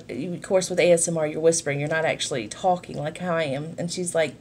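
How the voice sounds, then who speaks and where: A woman's voice: sits low, steady tone, fast, hardly any pauses, a little mellow, a little hiss or hum. A woman, chatting casually and rambling with asides while she does her makeup for a vlog. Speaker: vlogger. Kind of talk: casual sit-down chat while doing makeup.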